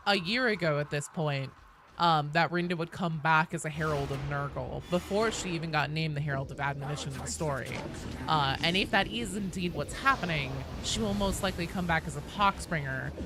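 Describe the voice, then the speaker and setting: A gaming streamer chatting casually with viewers, reading chat aloud and deliberately speaking higher to avoid vocal fry. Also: background noise. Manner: chatty, reads and answers chat; talks in a raised pitch on purpose to avoid vocal fry. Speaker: gaming livestream host.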